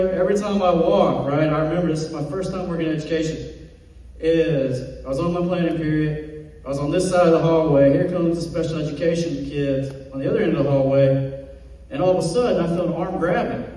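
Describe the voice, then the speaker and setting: Picked up from afar in an echoey hall, a man does a stand-up set full of self-mocking jokes and acted-out quotes. His fairly high, mellow voice runs a little fast.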